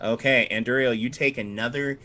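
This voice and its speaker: A man narrating as dungeon master, animated and quick, shifting between tense description and playful banter. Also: medium pitch, a little hiss or hum. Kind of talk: narrating a tabletop game.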